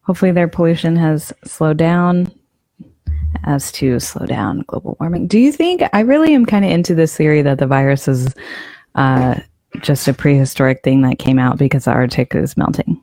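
A woman's voice: deep voice, normal speed, mellow, no echo. A woman co-hosting a casual podcast, musing and rambling with many fillers. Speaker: podcast co-host.

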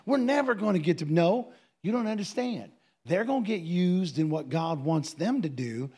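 High-voiced pastor preaching animatedly. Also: male voice, breathy edge. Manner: animated preaching, with quoted voices and bursts of singing. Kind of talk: sermon with questions from the congregation.

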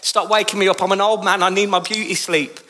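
A preacher doing a weary old Brummie priest. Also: male voice, high-pitched, fairly even intonation, a little fast, bright, forceful tone, in a large hall. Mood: grumpy. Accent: Birmingham. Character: old male priest, drowsy then earnest.

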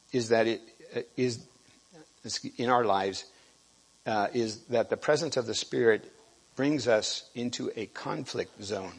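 A man giving a sermon, halting and restarting often and clearing his throat. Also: lowish voice. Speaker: preacher.

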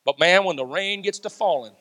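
A man preaching a sermon, animated, laughing and acting out quotes. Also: high voice, brisk. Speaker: pastor.

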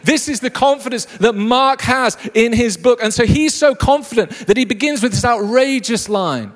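A man preaching a lively, jokey sermon to a live congregation. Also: extremely high pitch, normal speed. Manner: enthusiastic, jokey storyteller. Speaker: pastor. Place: church hall with a live congregation. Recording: long reverb of a large hall.

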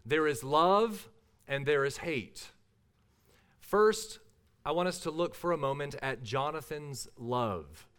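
A pastor reading a scripture passage aloud and then beginning his sermon, at a measured, deliberate pace. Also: a little high, animated, a bit bright, clear, resonant tone.

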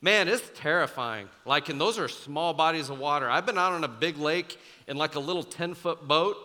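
A young man preaching to students as a youth pastor, telling the story in a casual, animated way with many fillers. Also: a little high, moderate pace. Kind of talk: sermon. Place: church auditorium. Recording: large hall with long reverb, faint music.

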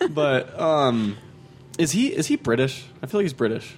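A man's voice: a little high, wildly swooping pitch, slow pace, a little hiss or hum. A man hosting a casual chat, upbeat and playful, laughing often.

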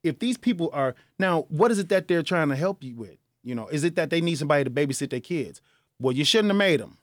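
A man hosting a radio advice show, talking in a lively, folksy way. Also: fairly high pitch, quick pace, no echo, clean studio sound. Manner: lively, folksy, laughs at himself. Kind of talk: casual advice talk. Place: radio studio. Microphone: studio mic.

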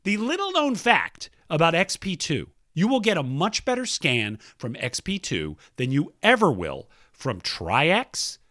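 Playful guy reading out listener emails, higher voice, swoops around a lot. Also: measured pace, few pauses, no echo, clean studio sound. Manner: animated, laughs often, playful. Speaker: podcast co-host reading listener mail. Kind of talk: casual chat.

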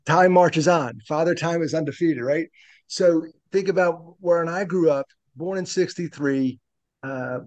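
A man's voice: a little high, a little mellow, dry recording. A man in his late fifties, a podcast guest, talking earnestly and reflectively in conversation. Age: 50s. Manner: earnest and reflective, speaks openly about loss. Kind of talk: conversational interview.

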